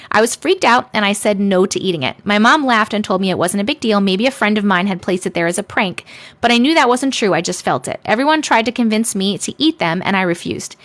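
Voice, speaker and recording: On a live stream, a woman playfully reads viewer stories aloud, chatting and tossing in sarcastic asides. Her medium-pitched voice has a fairly bright tone and comes through a desk microphone.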